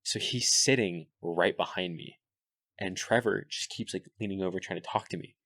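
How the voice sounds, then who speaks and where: Deep-voiced young man telling animated stories. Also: normal speed, no echo, clean studio sound. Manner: animated storyteller, swears freely, fillers like "like" and "dude". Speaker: podcast guest. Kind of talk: casual podcast chat.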